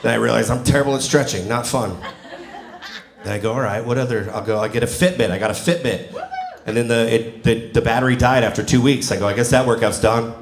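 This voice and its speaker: A gravelly, medium-pitched man in his forties talks at a quick pace while doing stand-up in a live venue. He tells stories conversationally and acts out quotes, and the roomy space carries loud audience noise.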